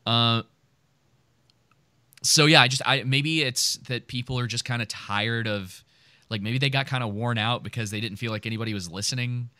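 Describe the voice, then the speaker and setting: A man's voice: mid-range voice, moderate pace, sharp tone, smooth, no room sound. A man co-hosting a podcast in casual chat, rambling and hesitant with many fillers. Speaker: podcast co-host.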